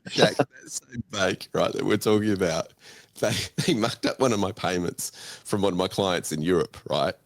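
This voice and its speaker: A man's voice: deep voice, moderate pace, no echo. A man on a casual panel chat, telling stories expressively and laughing through his complaints.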